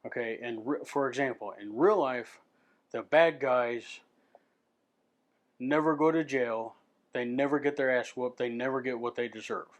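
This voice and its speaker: A man's voice: medium pitch, unhurried. A man ranting to his camera in an unscripted vlog, swearing freely and stumbling over repeated words as he restarts his sentences. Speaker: vlogger.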